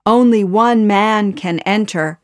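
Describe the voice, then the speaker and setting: A woman's voice: mid-range voice, slow, pitched above the performer's own voice, close to an everyday voice. A woman voicing a solemn, ancient magical cave in a storybook reading.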